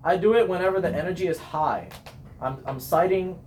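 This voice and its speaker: A man's voice: high-pitched, brisk, darkish tone, a little hiss or hum. A young man, a marching band captain, chatting casually on a podcast, talkative and laughing often as he acts out his cheers.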